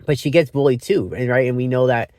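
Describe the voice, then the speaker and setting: A movie reviewer talks through a film in a loose, meandering way, cutting himself off mid-thought and swearing freely. His voice is at an ordinary middle pitch with fairly even intonation, a quick pace and a darkish tone. The sound is dry and close, with no room or echo.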